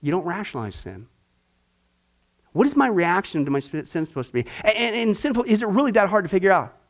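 A man's voice: high voice, very animated, fast talker. A man teaching a discipleship Bible class, asking rhetorical questions and acting out little voices as he goes.

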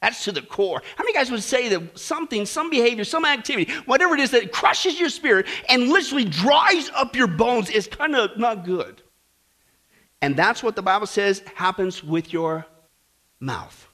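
Man, preaching sermon, bright forceful tone, high pitched. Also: normal speed. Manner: animated, exhorting.

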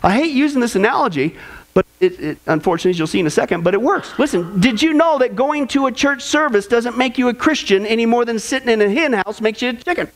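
A male pastor preaching a sermon in a strikingly high voice. He is emphatic and earnest and leans hard on key phrases to press his point home. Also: lively intonation, fast talker. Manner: emphatic, rising to a high pitch on quotes.

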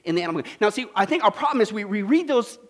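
A man preaching a sermon, animated and folksy, with acted-out voices and asides to the congregation. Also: high-pitched, very fast. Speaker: pastor.

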